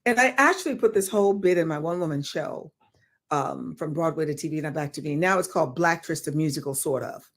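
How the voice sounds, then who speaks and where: Animated older woman spinning a story. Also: low-pitched, brisk. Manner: animated, acts out the people in her stories, swears freely. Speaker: guest actress. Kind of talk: storytelling in an interview.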